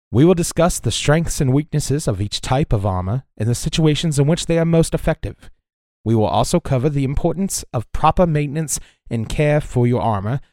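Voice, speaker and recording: A man running a tabletop game as game master, giving a long steady narrated lecture. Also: mid-range voice, dry recording, clean studio sound.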